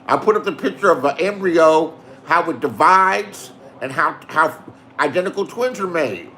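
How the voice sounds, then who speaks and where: A man's voice: fairly high pitch, lively intonation, moderate pace, sharp tone. A man telling a profane story in a boastful rant, swearing and insisting that what he says is the truth. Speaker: online show host.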